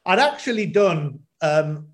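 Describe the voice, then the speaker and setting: A man with a fairly high voice speaks at a slow pace with big swings in pitch, joining a talk show over video call. He works as a stadium announcer and, in this casual podcast conversation, hesitates often with lots of ums and restarts.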